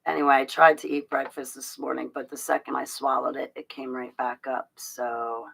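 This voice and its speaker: A woman chats casually to her livestream viewers in a rough, gravelly voice. Her tone is bright and pushy, rambling and confiding, with frequent restarts and little laughs. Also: a bass voice, level tone, normal speed, poor audio. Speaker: livestream host talking to her chat.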